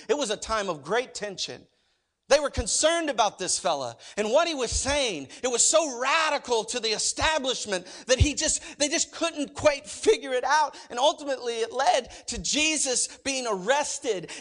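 A man delivers a sermon in a loose, conversational way. He keeps asking the congregation rhetorical questions, sinks into low, quiet asides and then bursts out loudly. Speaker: pastor.

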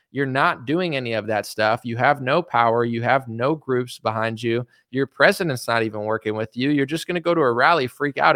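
A young adult man ranting casually about politics, quick and animated, breaking into mocking put-on voices now and then. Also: medium pitch, dry recording, studio quality. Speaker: political commentator.

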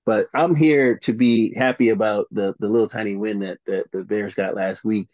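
A man's voice: fairly low pitch, fairly even intonation, normal speed, a little mellow, no echo. Rambling jokey man, dull recording. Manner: rambling, jokey, self-mocking. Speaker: podcast co-host. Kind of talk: casual sports chat.

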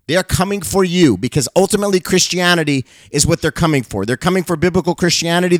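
A man's voice: fairly high pitch, fairly bright tone, no room sound. A middle-aged male pastor and show host giving an urgent, impassioned monologue that turns into fervent prayer.

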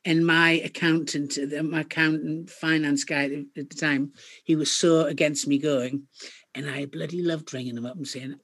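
A middle-aged woman with a Geordie accent, a podcast guest telling stories in a chatty, animated way. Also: low voice, moderate pace, breathy edge. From Northeast England. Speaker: guest, company founder. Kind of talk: podcast interview.

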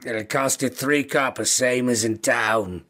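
A man voicing a small, foul-mouthed male kobold who sells newspapers, with a thick Scouse accent and a gruff, chummy manner. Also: medium pitch, fairly even intonation, a little slow, a bit bright, natural voice. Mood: grumbling.

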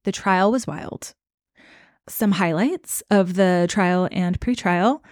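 A woman's voice: on the low side, slow pace, no room sound, clean studio sound. A woman co-hosting a podcast, telling a story in casual chat and acting out the quotes with lots of "like.". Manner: animated, acts out quotes with lots of "like". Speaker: podcast co-host.

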